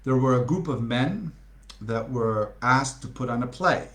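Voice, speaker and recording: A man's voice: medium pitch, expressive, measured pace, a bit bright. A man reading a storybook aloud, breaking off into chatty asides to his listeners. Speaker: storybook reader. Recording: echoey room.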